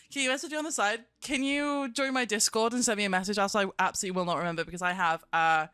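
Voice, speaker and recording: A woman's voice: mid-range voice, quick pace, a bit bright, clear, resonant tone. A chatty woman streamer talks casually to her viewers, giggly and self-mocking. Her voice is close on a streaming microphone and sounds dry, with no room echo. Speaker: live streamer. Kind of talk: casual live-stream chat.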